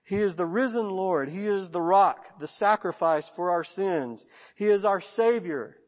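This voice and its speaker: A Texan man preaching a sermon as pastor, in a rhythmic cadence with long lists and soft drops at line ends. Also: sits high, animated, a little slow. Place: church sanctuary. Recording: long church reverb.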